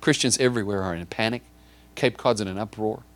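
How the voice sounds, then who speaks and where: A man's voice: fairly low pitch, fast talker. A man preaching a sermon, acting out a scene in vivid detail and often repeating or stumbling over words as he builds it. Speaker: pastor.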